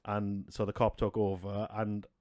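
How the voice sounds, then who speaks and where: A man's voice: fairly low pitch, completely flat delivery, measured pace, a little mellow, no room sound, clean studio sound. A man, co-hosting a podcast and telling a rowdy, sweary story with a lot of laughter. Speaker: podcast co-host. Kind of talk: casual storytelling chat.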